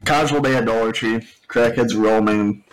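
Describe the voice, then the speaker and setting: Young man, podcast co-host, crude swearing storyteller, mid-pitched. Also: moderate pace, poor audio. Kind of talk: casual chat.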